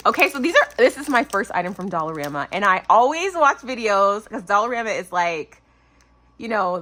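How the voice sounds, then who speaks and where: A woman's voice: lowish voice, slight background noise. A woman of about forty hosting a craft channel, chatting casually and gushing over a package of crafting goodies. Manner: gushing, excitable, lots of "oh my gosh". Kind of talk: casual unboxing chat.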